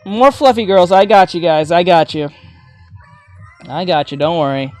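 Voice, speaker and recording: A woman art teacher chatting casually on a livestream while drawing, gushing with thanks and breaking into excited shouts. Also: lowish voice, moderate pace. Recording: faint music behind.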